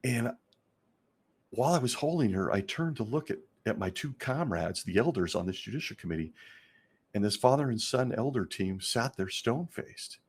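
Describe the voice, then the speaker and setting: Husky-voiced middle-aged man telling a story. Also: mid-range voice, animated, moderate pace. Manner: earnest, candid, talks straight to listeners as "folks". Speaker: former congregation elder, show host. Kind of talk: personal storytelling monologue.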